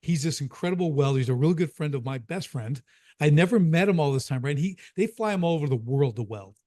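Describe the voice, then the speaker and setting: This middle-aged man from the Chicago area, USA, is an emphatic business coach chatting casually on a podcast. His fairly high voice is animated, fast and warm; he tells stories, keeps repeating key points and often asks "right?" The recording is dry and studio quality.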